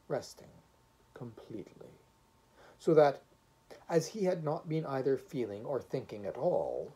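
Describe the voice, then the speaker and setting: A man reading a short story aloud, narrating with expression and measured pacing. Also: medium pitch, mellow, husky. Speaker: audiobook reader.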